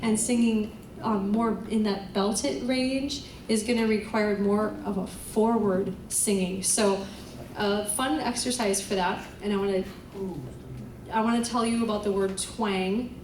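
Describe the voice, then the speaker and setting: A woman's voice: mid-range voice, fairly even intonation, measured pace, a little mellow, a little hiss or hum. A woman leading a choir vocal class, explaining technique in a chatty way and singing the exercises to demonstrate. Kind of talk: group voice lesson. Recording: echoey room, voice from far off, music behind.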